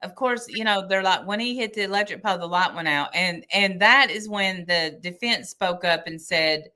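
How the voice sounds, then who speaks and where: A woman's voice: medium pitch, normal speed, pushed and bright. A woman co-hosting a podcast, chattily recapping trial testimony from her notes with a wry tone. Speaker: podcast co-host.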